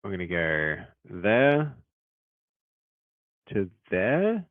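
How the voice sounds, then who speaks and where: A man who runs a game studio, chatting casually on a live stream, excitable and hyped, now and then bursting into loud shout-outs. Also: fairly low pitch, very slow, dry recording. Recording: tinny, phone-like dry sound.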